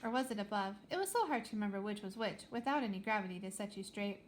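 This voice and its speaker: A woman reading a children's space adventure aloud with lively, expressive storytelling. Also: medium pitch, fast talker, a little hiss or hum. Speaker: reader.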